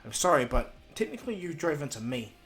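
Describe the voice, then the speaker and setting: A man's voice: on the high side, big pitch swings, fast talker, a bit bright, soft background music. A man voicing a cheerful, naive young boy who talks in an eager, friendly way.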